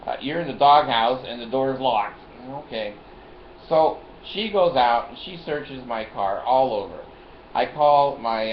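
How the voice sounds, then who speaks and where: An older man telling a rambling personal story in a vlog, chuckling often and repeating himself. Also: mid-range voice. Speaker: vlogger. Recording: roomy, dull lo-fi recording with faint hiss.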